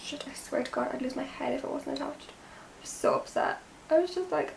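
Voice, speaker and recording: A young Irish woman chats away while she does her makeup, rambling from one story to the next and sometimes dropping to a soft half-whisper. Her voice sits a little high with a gravelly fry, and a faint hiss runs behind it. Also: fairly quick. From Ireland. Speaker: beauty vlogger. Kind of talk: chatty get-ready-with-me vlog. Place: home room.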